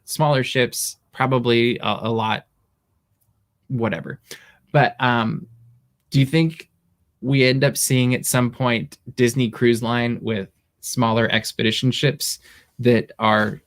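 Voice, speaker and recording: A man's voice: medium pitch, fairly even intonation, takes it slowly. A man co-hosting a podcast in casual chat, rambling with lots of fillers. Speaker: podcast co-host.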